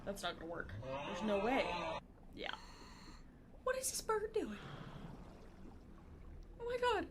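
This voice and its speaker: A woman streamer giving casual, chatty reaction commentary with quick exclamations. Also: a little high, wildly swooping pitch, noisy background.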